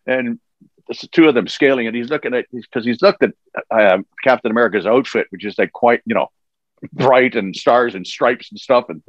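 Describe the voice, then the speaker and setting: An older man telling animated stories as a guest in a casual interview. He laughs as he talks and often restarts his sentences. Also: mid-range voice, a little fast, dry recording. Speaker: voice actor guest. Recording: dull dry lo-fi sound.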